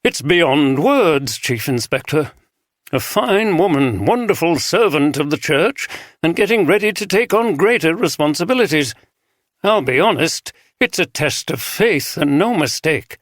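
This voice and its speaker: A man's voice: fairly high pitch, very animated, measured pace, dry recording, voice pushed up. Male reader voicing a ruddy, plain-spoken bishop, Northern English accent, dry close sound. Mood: solemn. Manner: blunt and straight-speaking.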